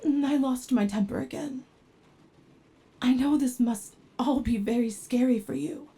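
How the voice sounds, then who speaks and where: A woman voicing an obsessive, devoted android with an unstable temper in a whispered role-play, talking softly and pleading, sometimes flaring into anger. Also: sits high, unhurried. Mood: tender, anxious. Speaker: ASMR role-play performer.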